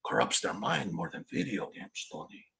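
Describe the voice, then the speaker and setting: Gravelly put-on gangster voice, a man doing impressions. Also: low-pitched, very animated, normal speed, bright, forceful tone, voice pushed down, heavily acted, rough recording. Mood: mocking. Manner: mocking put-on accent, heckling.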